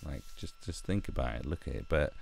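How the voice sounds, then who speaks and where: A man's voice: rumbling low, expressive, fairly quick, vocal fry, slight background noise. A man giving rambling, sweary commentary and often restarting his sentences. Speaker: YouTube commentator. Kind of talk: ranting commentary.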